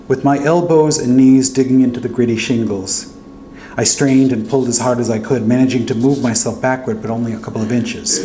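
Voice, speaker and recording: A male author narrating his own fiction aloud in a steady first-person voice at a college reading. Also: medium pitch, fairly quick. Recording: echoey hall with faint hum.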